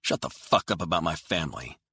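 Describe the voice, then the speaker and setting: A man voicing an angry, frightened journalist who snaps and protests in tense bursts, pitched above his own voice. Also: a little fast, pushed and bright, husky, dry recording, exaggerated voice. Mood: agitated. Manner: tense, agitated outbursts.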